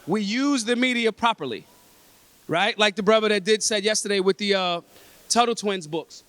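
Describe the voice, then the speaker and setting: A man's voice: high voice, moderate pace, a bit bright, no echo. A man from Philadelphia addressing a convention breakfast, talking in an emphatic, streetwise, freely swearing way. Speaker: convention speaker. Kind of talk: blunt, profane talk to a room.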